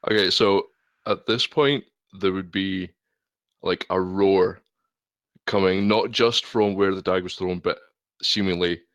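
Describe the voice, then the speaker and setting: A man playing in a tabletop game, describing the scene slowly and vividly. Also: deep voice, fairly even intonation, fairly bright tone, dry recording. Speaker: player.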